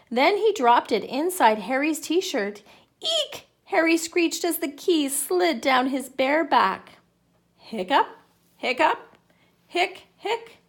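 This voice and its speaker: A woman reading a children's picture book aloud in an animated, playful way. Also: high-pitched, measured pace. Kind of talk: children's story read-aloud.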